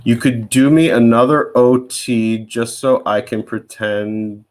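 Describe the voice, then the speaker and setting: A man's voice: mid-range voice, fairly even intonation, slow, darkish tone. Chatty man rambling casually. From United States. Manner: rambling, self-correcting, chatty. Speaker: host answering viewer questions. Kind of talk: casual live Q&A chat.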